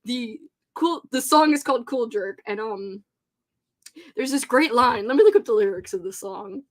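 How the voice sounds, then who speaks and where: Giggly chatty woman, slightly high voice. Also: animated, normal speed. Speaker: host. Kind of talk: casual livestream chat.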